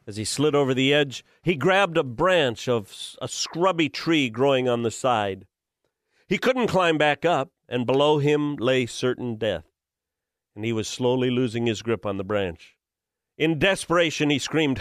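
A man, a comedian and motivational speaker, telling a humorous devotional story and leaping up in pitch when he shouts a character's lines. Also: animated, normal speed, no room sound, clean studio sound.

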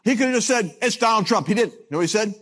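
A man preaching a sermon, telling stories with jokes and swinging between loud bursts and hushed asides. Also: sits high, lively intonation, very fast. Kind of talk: sermon with storytelling.

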